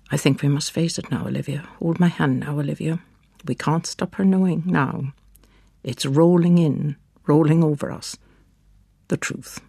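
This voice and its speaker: A man narrating in the first person as a father, hushed and halting in anguish, in a dramatic storybook reading. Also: fairly high pitch, fairly even intonation, vocal fry, breathy edge, dry recording, studio quality.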